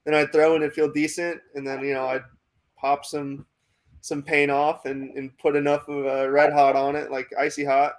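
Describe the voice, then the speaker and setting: A young man in his twenties, a pitching prospect, telling a long story in a casual interview, rambling with lots of "like" and "you know" and acting out what coaches said. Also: flat delivery, moderate pace. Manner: acts out quoted coaches in dialogue.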